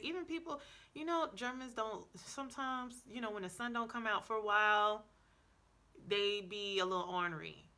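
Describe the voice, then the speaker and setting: Woman, vlogger, casual advice, chatty, playful asides, lots of "like", bright tone. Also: on the high side, normal speed. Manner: chatty, many "like"s and self-corrections. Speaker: language-learning vlogger.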